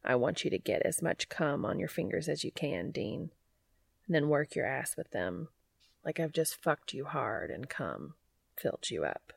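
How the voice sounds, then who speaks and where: A woman reading the part of an adult man in love, voicing him soft, low and breathy. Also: sing-song, moderate pace, no room sound, exaggerated voice. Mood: hushed, intimate. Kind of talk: audiobook character reading.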